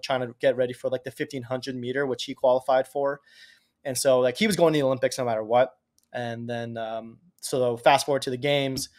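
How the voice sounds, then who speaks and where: A man in his thirties from Canada, a podcast guest telling stories in casual chat, animated and cursing freely. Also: mid-range voice. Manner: animated, swears casually, acts out quotes. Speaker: podcast guest, Olympic speed skater. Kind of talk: casual storytelling.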